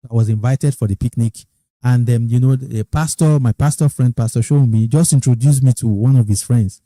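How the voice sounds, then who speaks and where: Man, Nigerian accent, middle-aged, podcast host, casual storytelling, repeats himself, very warm mellow voice, dry close sound. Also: medium pitch, normal speed, dry recording. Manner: animated, quoting others in raised excited tones; repeats and restarts phrases.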